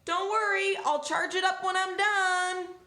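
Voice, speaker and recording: A woman's voice: very high-pitched, level tone, a little slow, pushed and bright, voice pushed up, full character voice. A woman voicing an eager, curious young male donkey from a storybook, asking question after question in a chirpy voice. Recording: roomy echo.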